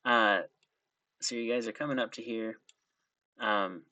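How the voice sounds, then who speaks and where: A man narrating a tabletop role-playing game as game master, hesitant and filling pauses with ums. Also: on the low side, pushed and bright, no echo, highs cut off. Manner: hesitant, lots of ums and restarts.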